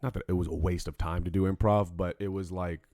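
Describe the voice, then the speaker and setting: A man's voice: low voice, fast, no echo, studio quality. A man co-hosting a podcast, chatting casually and playfully, fussing over his jokes. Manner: animated, playful, overthinks jokes. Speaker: podcast co-host. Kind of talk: casual comedic chat.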